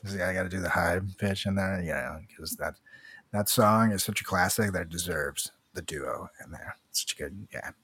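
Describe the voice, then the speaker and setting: A man's voice: low voice, moderate pace, sharp tone, breathy edge. A man co-hosting a podcast in casual chat. He jokes, laughs often and rambles with restarts. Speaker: podcast co-host.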